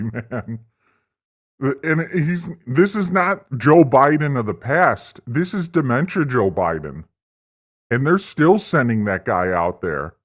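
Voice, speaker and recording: Male stream host, slow-paced and mid-pitched, with a rambling, profane, mock-earnest rant delivery. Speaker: livestream host. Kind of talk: satirical political stream rant.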